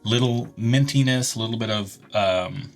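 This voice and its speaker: A man's voice: on the low side, normal speed, soft background music. A man co-hosting a whiskey tasting show in easygoing, talkative casual chat. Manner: easygoing, talkative, self-deprecating. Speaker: whiskey review co-host.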